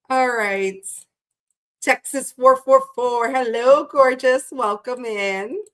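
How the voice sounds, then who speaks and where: A woman hosts a live tarot reading, chatting casually with her livestream viewers, greeting them by name and swearing freely. Her voice is on the high side and a bit bright, and she speaks very slowly with long pauses.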